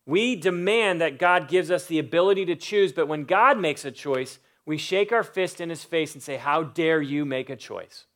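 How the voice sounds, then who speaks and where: Male pastor, sermon delivery, emphatic, somewhat high-pitched. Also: moderate pace, few pauses, fairly bright tone. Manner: emphatic preaching with lists and rising stresses.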